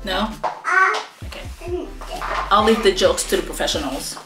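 A woman's voice: mid-range voice, moderate pace. A woman vlogger from the United States, talking casually in a playful, self-mocking way and laughing often as she practices phrases aloud. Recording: roomy room with background music.

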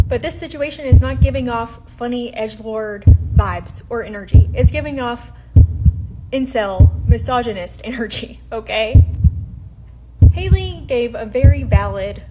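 A fairly high-voiced woman speaks firmly and indignantly, stressing each point as she calls someone out. Heavy background noise and hum run under her voice. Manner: indignant, firm, emphatic. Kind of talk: heated commentary to camera.

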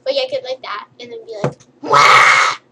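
A woman's voice: high-pitched, little pitch movement, fast, slight background noise, poor audio. A young woman vlogger rambling playfully and giggling through a silly list. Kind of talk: silly comedic list vlog.

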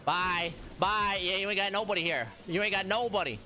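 A man streaming a video game live, trash-talking opponents with loud, profane taunts and catchphrases. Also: sits high, fairly quick. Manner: hyped, profane trash talk. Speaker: gaming streamer. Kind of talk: live gameplay commentary. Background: music.

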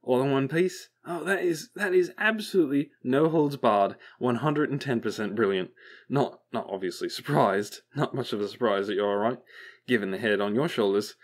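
Brief: man putting on a bumbling chatterbox robot guy, flippant and rambling, voice leaping up high, audiobook character voice. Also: moderate pace, close to an everyday voice. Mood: manic chatter. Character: manic chattering male robot, bumbling and bitter.

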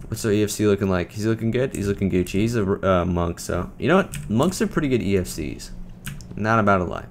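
A young man giving casual, joking commentary over a video game, trash-talking and breaking into loud shouts. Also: lowish voice, lively intonation, a little fast, a little hiss or hum. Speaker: gaming commentator.

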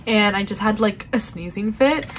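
A woman's voice: mid-range voice, moderate pace, slight background noise. A young woman hosting a budgeting vlog, congested from pollen, chatting casually and counting cash aloud with frequent fillers. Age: young adult. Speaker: budgeting channel host.

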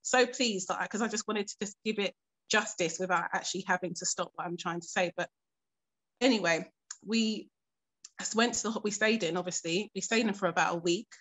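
A woman telling a painful personal story in a documentary interview, earnest and composed, pausing often with fillers. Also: medium pitch, a bit bright. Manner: earnest, halting storytelling with frequent pauses and fillers; keeps her composure while recounting something painful.

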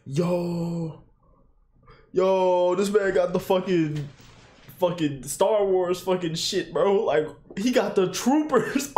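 Reacting to an anime episode, a young man gives slow-paced, casual commentary packed with swearing. He's excitable, constantly shouting "yo" and "bro" and breaking into high, yelping laughter.

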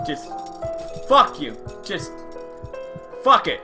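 Man, gaming commentary, furious swearing, shouts then mutters, high lively voice, very bright tone. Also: takes it slowly, long pauses, over music. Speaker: gaming YouTuber. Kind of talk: raging gameplay commentary.

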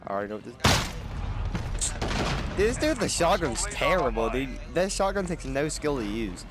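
A man with a drawl talks through his shooter match, exasperated and trash-talking. His voice leaps around in pitch as he reacts. Loud game music blares behind him. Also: sing-song, normal speed. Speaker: gamer commenting on his own play. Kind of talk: casual gameplay commentary. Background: loud game music and gunfire.

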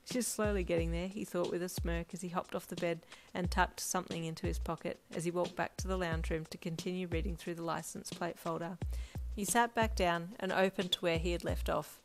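A woman narrates a fanfiction audiobook in steady storytelling fashion. Her voice sits fairly low for a woman, and quiet lo-fi drum music plays underneath. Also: fairly quick. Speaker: fanfiction reader. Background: faint lo-fi drum music.

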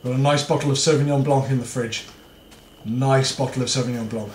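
A man's voice: mid-range voice, steady tone, fairly quick, darkish tone, reverberant, a little hiss or hum. A man talking through a horror game as he plays, muttering, swearing and getting jittery. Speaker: gaming video host.

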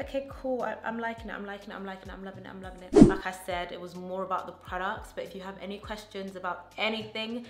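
A woman's voice: medium pitch, steady tone, fast, few pauses. Gushing, chatty woman vlogger in a roomy space. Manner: gushing, chatty, enthusiastic slang. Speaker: beauty vlogger. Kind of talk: casual get-ready-with-me chat. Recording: roomy echo with faint music.

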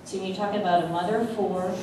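A woman giving a halting tribute speech at a school board meeting, with many fillers. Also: medium pitch, steady tone. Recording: echoey hall, mic from far off, noisy.

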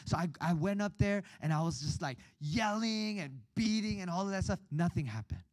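A man giving a storytelling sermon at a youth retreat, animated and acting out his younger self, often asking "right?". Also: sits high, brisk, no room sound.

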